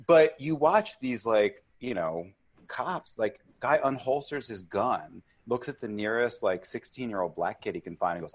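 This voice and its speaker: A man's voice: medium pitch, animated, moderate pace. A young man, an activist running for office, talking emotionally as a guest and filling his speech with "like". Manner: filler-heavy, says "like" constantly, emotional. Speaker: activist and assembly candidate, guest. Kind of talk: emotional casual conversation.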